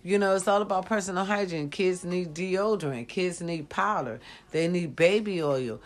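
A woman's voice: fairly low pitch, moderate pace. A woman who is sick, lying down and talking bluntly to her viewers, swearing freely and giving life advice. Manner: blunt, preachy, swears freely, says y'all often. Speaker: vlogger. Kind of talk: casual talk to viewers.

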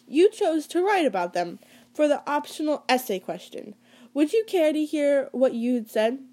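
A woman reading a novel aloud and voicing a sarcastic old male history teacher, slow and mocking, tripping over words now and then. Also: high-pitched, very animated, warm tone, pitched above the performer's own voice.

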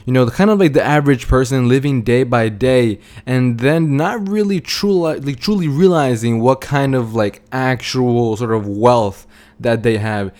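A young man hosting his own podcast, telling a story in a loose, rambling way. He fills his sentences with casual fillers and restarts, at a middle pitch for a man. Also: darkish tone. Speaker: podcast host.

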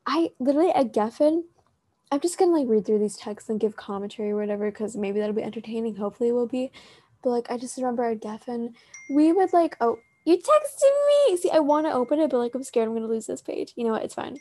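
A teenage girl hosts a casual chat in a higher, warm, mellow voice. She rambles through filler words, swears freely and laughs easily. The sound is dry and close, with no room echo. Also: quick pace. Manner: animated, with frequent laughter. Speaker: podcast host.

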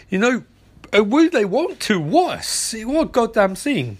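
A man giving a casual spoken episode recap, excitable and swearing, tossing in quick mock quotes. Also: high-pitched.

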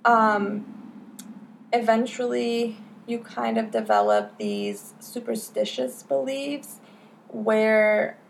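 Candid young woman, gravelly voice. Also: medium pitch, a little hiss or hum. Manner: candid, swears freely, lots of "like" and "you know". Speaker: podcast host. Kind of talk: casual conversational podcast.

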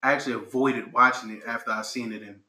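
A man co-hosting a podcast, chatting casually, animated and profane, often restarting his sentences. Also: medium pitch, quick pace, echoey room, low-quality recording. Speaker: podcast co-host. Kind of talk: casual chat.

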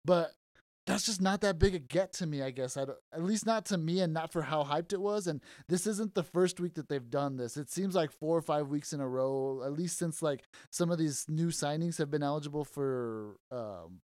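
Smooth, dry-sounding man chatting casually. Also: fairly high pitch, normal speed, a little mellow, no room sound. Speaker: podcast co-host. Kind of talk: casual chat.

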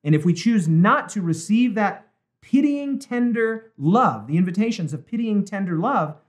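Emphatic high-voiced male pastor. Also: animated. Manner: emphatic, slows down to stress quoted words. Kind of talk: Bible study discussion.

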